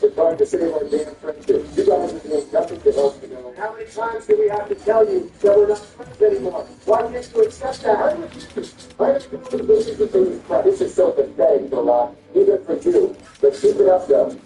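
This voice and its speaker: A man's voice: very high-pitched, huge pitch swings, brisk, gravelly, dark tone, roomy sound, recorded from a distance, exaggerated voice, poor audio. A man voicing squabbling grown men who trade indignant insults over a board game. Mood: bickering.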